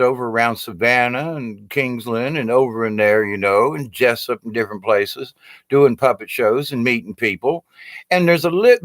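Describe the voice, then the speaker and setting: Older southern guy spinning yarns, folksy and rambling, mid-pitched voice, dry close recording. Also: a bit bright, no echo. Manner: folksy, rambling, drawn-out speech full of "you know". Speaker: storyteller and puppeteer. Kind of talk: rambling humorous storytelling monologue.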